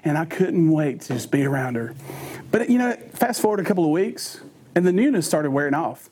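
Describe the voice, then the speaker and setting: Man, sermon, folksy storytelling, conversational, high voice. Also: big pitch swings, fairly quick, dark tone, slight background noise. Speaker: preacher.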